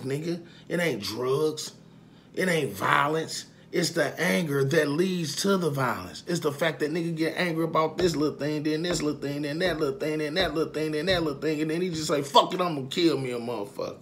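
Addressing his followers in a casual vlog, a man with a fairly high pitch speaks at normal speed over a little hiss or hum. His monologue is emphatic and profane, repetitive in its points, and it swings from quiet confessions to loud outbursts.

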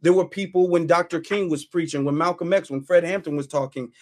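A man's voice: fairly high pitch, fairly quick, darkish tone. A man on a talk radio show, speaking with conviction in rhetorical, repeated phrases. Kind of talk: impassioned talk radio commentary.

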